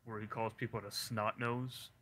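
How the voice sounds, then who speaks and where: A man co-hosting a casual comic review chat, adding relaxed commentary and asides. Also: on the low side, normal speed, a little hiss or hum. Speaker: podcast co-host.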